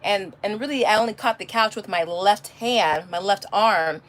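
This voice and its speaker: A Californian mother who homeschools answers her livestream chat casually using a phone or webcam. Her mid-range voice is fairly bright and moderately paced, and her stories ramble with frequent restarts.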